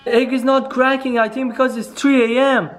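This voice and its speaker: A man's voice: very high voice, level tone, a little fast, slight background noise. A young man acting out a scripted horror skit for his vlog, panicking and repeating his exclamations. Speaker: vlogger.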